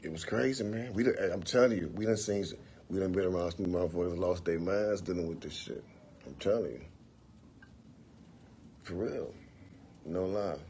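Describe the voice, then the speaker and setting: A man's voice: low voice, moderate pace, long pauses, a little mellow, a little hiss or hum. A man hosting a phone livestream, telling stories to his viewers in a laid-back, profane way, often saying "for real" and "you know what I'm saying". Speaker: livestream host. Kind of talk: casual storytelling to viewers.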